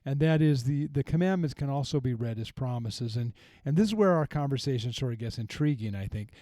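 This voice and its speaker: A middle-aged man, a pastor hosting a podcast, teaching earnestly and reflectively in a relaxed conversation, often restarting his sentences. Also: medium pitch, fairly quick, no echo. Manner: earnest, reflective, with frequent restarts and retold quotes.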